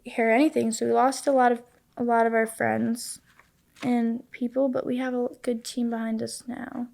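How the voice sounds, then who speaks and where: A young woman speaks as a podcast guest, her voice slightly high and gravelly with fry. She talks in halting, emotional phrases, starting and restarting her thoughts. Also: little pitch movement, darkish tone. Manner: halting, emotional, quotes others in her story. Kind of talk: personal testimony in a podcast interview.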